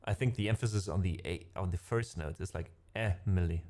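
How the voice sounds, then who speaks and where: His voice sits low and a little mellow, and he talks a little fast. The man, a music streamer whose first language isn't English, chats informally with his audience between piano pieces, wandering off topic, correcting himself, and laughing frequently.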